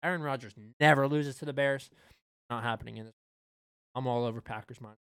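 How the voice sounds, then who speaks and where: Man co-host, casual sports-betting talk, smooth clear voice, dry close sound. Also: mid-range voice, fast, no room sound. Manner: relaxed, loose, with frequent fillers. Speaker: podcast co-host.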